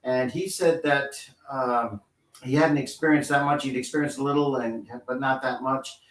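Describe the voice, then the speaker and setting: A man who investigates hauntings, telling a story in casual chat with steady "uh" pauses. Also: mid-range voice. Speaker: paranormal investigator. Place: living room at a live party. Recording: echoey room, mic far off.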